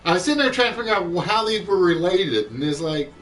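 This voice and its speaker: Chatty quiz host, slightly higher voice. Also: male voice, very animated, a bit bright, far from the mic, poor audio. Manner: chatty, thinks aloud, reads clues slowly. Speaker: game show host. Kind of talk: hosting an online quiz show. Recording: voice a bit off-mic with music behind.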